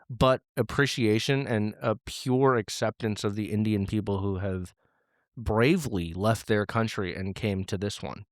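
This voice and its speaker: Rambling, low-voiced podcast host. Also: male voice, no echo, studio quality. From Los Angeles area. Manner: rambling, with many restarts and fillers. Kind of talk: casual comedic monologue.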